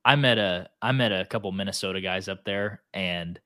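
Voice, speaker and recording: A man with a Southern US accent, telling hunting stories in a relaxed, casual chat. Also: low voice, moderate pace, no echo. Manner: relaxed storyteller, frequent "like".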